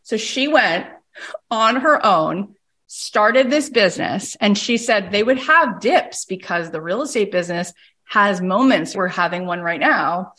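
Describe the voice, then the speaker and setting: A woman's voice: mid-range voice, lively intonation, unhurried, bright, forceful tone. A woman coach on a recorded call, telling a story with energy and acting out the people she quotes. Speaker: coach and podcast host.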